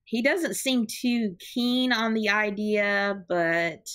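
A woman's voice: medium pitch, steady tone, slow pace, a bit bright, smooth. Laughing woman narrating a tabletop game. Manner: rambling, laughs often while narrating. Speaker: game master.

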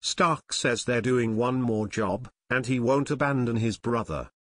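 A man's voice: medium pitch, unhurried, no room sound, clean studio sound, close to an everyday voice. A man reading a plucky teenage boy detective who asks direct questions, in an audiobook. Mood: earnest.

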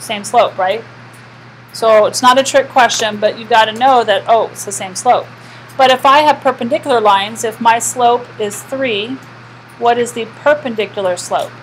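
Woman teacher, classroom lecture, slightly high voice, quizzes the class and answers herself. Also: fairly bright tone, slight background noise, rough recording. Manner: asks the class questions and answers them herself. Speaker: math teacher.

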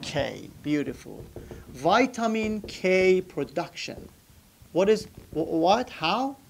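A man's voice: sits high, sing-song, takes it slowly, creaky, a little hiss or hum. Man, anatomy lecture, classroom, asks questions, writes on board. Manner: quizzes students, repeats terms, writes on a board. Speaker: anatomy instructor.

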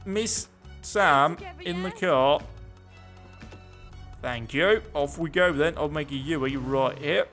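A man's voice: on the high side, takes it slowly, long pauses, fairly bright tone, soft background music. A man giving sarcastic, chatty let's play commentary, talking back to the characters on screen. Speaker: gaming video host.

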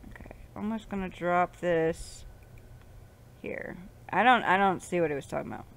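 A woman casually commenting while she plays a game, swearing and muttering to herself, with loud outbursts in between. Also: lowish voice, moderate pace, vocal fry. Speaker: gaming channel host. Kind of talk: casual let's-play commentary.

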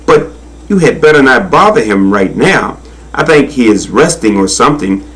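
A man voicing a hurried, brusque male water buffalo in a storybook reading. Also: medium pitch, very animated, fairly bright tone, poor audio.

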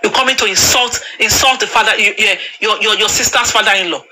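Speaking fast over a phone mic, a woman with a medium-pitched, sharp voice unleashes a furious, insulting rant on a live video panel. She stammers and repeats herself, and the recording is rough.

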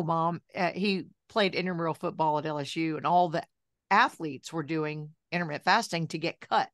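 Woman in her 60s, lowish voice, chatty storyteller w/ lots of asides, dry close sound. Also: dry recording. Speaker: guest, journalist and health coach. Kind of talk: casual storytelling interview.

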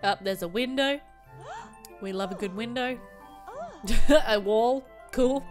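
A woman's voice: on the high side, sing-song, takes it slowly, pauses often, faint music behind. A young woman chatting casually as she comments on her own gameplay, exclaiming and laughing often. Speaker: gaming commentator.

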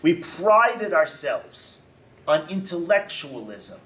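Animated rabbi lecturing from a distance. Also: male voice, on the high side, slow pace. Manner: animated storytelling, rising emphatic repetitions. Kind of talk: lecture to a congregation. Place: synagogue hall.

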